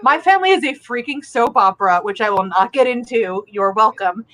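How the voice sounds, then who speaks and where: A woman in casual, blunt podcast banter, chatty and quick with quips. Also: on the high side, expressive, a bit bright, low-quality recording. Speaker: podcast co-host.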